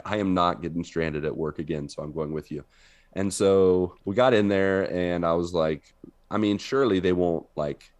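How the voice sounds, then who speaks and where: Deep-voiced man telling a story. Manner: animated storyteller, laughs often. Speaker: podcast co-host. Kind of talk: casual chat. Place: living in Brazil.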